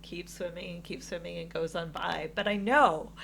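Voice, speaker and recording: A woman co-hosting a podcast, telling a travel story in casual chat, animated and laughing often. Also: fairly low pitch, normal speed, gravelly, slight background noise. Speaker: podcast co-host.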